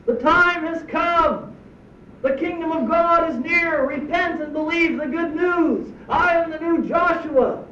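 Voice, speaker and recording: A man's voice: very high voice, takes it slowly, bright, forceful tone, a little hiss or hum, pitched above the performer's own voice, full character voice. A man preaching who voices Jesus as a stern, commanding man, with urgent, emphatic proclaiming. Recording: echoey distant dull church recording.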